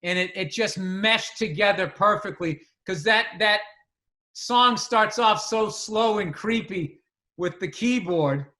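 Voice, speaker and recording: A man from the greater area, chatting on a podcast in a profane, animated storytelling way. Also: high voice, slow. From greater Boston area. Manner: profane, animated storyteller who acts out sounds. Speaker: podcast co-host. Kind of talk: casual chat.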